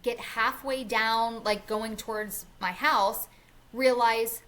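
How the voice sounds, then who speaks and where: A woman's voice: on the high side, steady tone, slow pace, fairly bright tone. A woman in her thirties co-hosting a podcast, telling a story in a casual chat, acting out the people in it and swearing freely. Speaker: podcast co-host.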